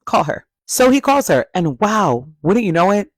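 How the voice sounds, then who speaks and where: Guy ranting about a reality show episode, sassy and blunt, kinda higher voice, dry close sound. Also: big pitch swings, moderate pace, dry recording. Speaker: reality TV recap commentator. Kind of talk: casual opinionated recap.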